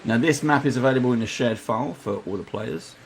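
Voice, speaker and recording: A man acting as game master, narrating a tabletop game in a measured, explanatory way with hesitations. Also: mid-range voice, a little hiss or hum.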